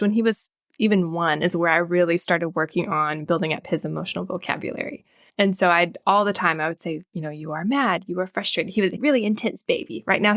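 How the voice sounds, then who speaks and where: A woman, a child psychologist speaking as a podcast guest, calm and reassuring as she explains. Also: lowish voice, no echo, studio quality. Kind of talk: podcast interview.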